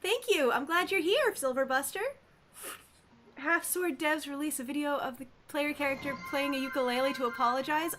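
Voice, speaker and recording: Chatty higher-voiced woman streamer. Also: moderate pace. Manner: animated, playful, reacting to chat. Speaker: live streamer. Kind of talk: casual live-stream chat with viewers.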